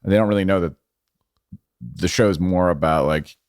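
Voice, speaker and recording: A man with a very low voice speaks as a podcast guest, thinking aloud and circling back to restart his sentences. His voice comes across close and dry, without room echo. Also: moderate pace, a little mellow, clean tone. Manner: reflective, with restarts. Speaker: filmmaker guest. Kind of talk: casual conversation.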